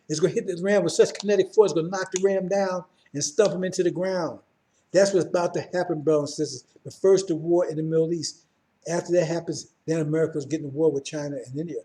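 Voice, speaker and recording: Give me a middle-aged man with a warm, slightly high voice giving an emphatic, informal Bible lesson. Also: steady tone, brisk. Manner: emphatic, keeps checking in with listeners. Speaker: Bible class teacher. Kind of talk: informal Bible class lecture.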